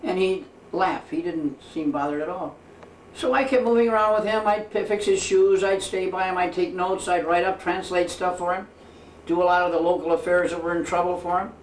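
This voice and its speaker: Male interviewee, reflective memoir delivery, voice on the high side, roomy echo, set back from the mic. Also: steady tone, distant mic. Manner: measured storytelling, quoting dialogue, frequent pauses with "uh". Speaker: interviewee recounting life with his guru. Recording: echoey room, voice from off the mic, faint ambient noise.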